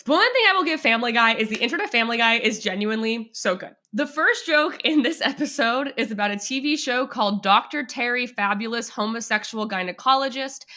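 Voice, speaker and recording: A woman co-hosting a podcast in casual chat, talking in quick restarts and laughing often. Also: a little high, bright, forceful tone. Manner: chatty, self-interrupting, laughs often. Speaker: podcast co-host.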